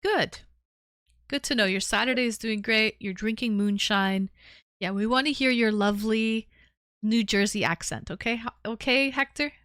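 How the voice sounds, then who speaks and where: A woman hosts a call-in stream with upbeat, teasing banter. Her voice sits fairly high. The sound is dry and close, with no room around it. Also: fairly even intonation, moderate pace, fairly bright tone, no echo. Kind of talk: casual live-stream chat.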